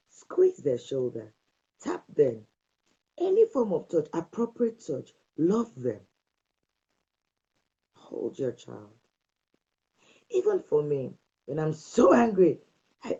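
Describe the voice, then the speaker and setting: A woman talks about parenting in a warm, slightly husky voice. She is emphatic and drives her points home with short repeated commands. The recording sounds dull and lo-fi. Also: on the low side. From Nigeria. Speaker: parenting speaker. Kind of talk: direct-to-camera parenting talk.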